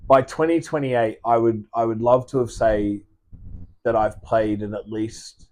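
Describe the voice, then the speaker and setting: A man's voice: mid-range voice, fairly even intonation, measured pace, a little mellow. A young man from New Zealand with a New Zealand accent, chatting casually on a podcast as a guest, rambling and repeating words, swearing often. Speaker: guest, sports player.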